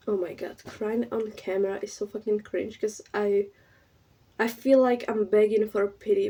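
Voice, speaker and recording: A young woman speaks to her camera in an earnest, halting vlog. Her voice is mellow and a little husky. She sits slightly back from the mic. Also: medium pitch, steady tone, far from the mic, poor audio. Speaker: YouTuber.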